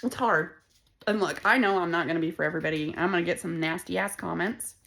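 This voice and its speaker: Frank, foul-mouthed woman with a somewhat low voice, chatting loosely through a tarot reading. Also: fast, creaky, fairly bright tone. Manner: blunt and profane, rambling and conversational. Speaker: tarot reader. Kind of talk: casual tarot reading monologue.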